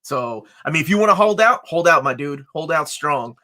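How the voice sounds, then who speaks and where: A man's voice: a little high, expressive, brisk, bright, forceful tone. A man co-hosting a live chat show, joking and reading viewer comments aloud. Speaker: co-host.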